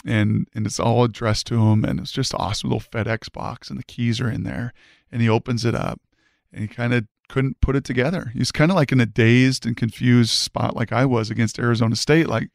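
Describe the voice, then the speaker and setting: A man with a gravelly, creaky edge tells a heartfelt story as a podcast guest, earnest and fervent, circling back and restarting his sentences as he goes. His voice sits at an ordinary pitch and sounds dry and close to the mic, with no room around it. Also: fairly even intonation, fairly quick, no echo. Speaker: podcast guest, former football player. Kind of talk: emotional personal storytelling.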